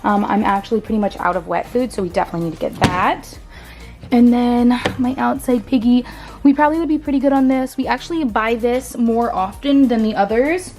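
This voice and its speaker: Woman, casual farm vlog, bubbly and chatty, slightly high voice, light music behind. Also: a little fast, darkish tone. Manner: bubbly, talks sweetly to her animals. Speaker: farm pet vlogger. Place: outdoors on a farm, then a feed shed.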